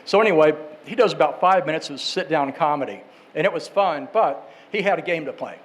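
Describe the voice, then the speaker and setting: Higher-voiced man telling a rambling story. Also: lively intonation, fairly quick, rough recording. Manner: rambling, with restarts and asides. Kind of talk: casual anecdote telling.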